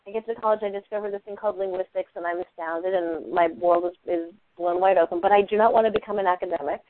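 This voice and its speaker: A woman from Eastern Massachusetts speaks as an interview guest, animated and often restarting her sentences. Her voice comes through a thin, narrow phone line. The sound is dry, with no room around it. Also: fairly low pitch, fast talker, dry recording. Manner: animated, frequent restarts and laughter. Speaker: novelist guest. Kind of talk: conversational interview.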